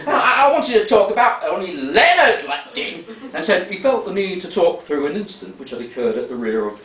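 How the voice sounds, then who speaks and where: A man's voice: sits high, sing-song, a little fast. A man performing a comic stage monologue, fretful and anxious, recorded from far off in an echoey theatre with a tinny sound. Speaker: actor in a one-man stage show.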